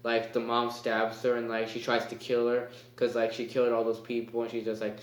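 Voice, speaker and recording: A man's voice: medium pitch, monotone, fairly quick, hardly any pauses. A man giving a casual spoken movie review. He rambles and hesitates, with lots of fillers. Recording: echoey room.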